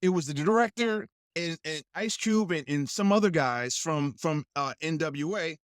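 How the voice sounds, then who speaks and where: Animated man telling a story. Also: fairly high pitch, normal speed, no echo, clean studio sound. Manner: animated, acts out quoted voices, laughs often. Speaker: guest actor and stuntman. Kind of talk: storytelling in casual chat.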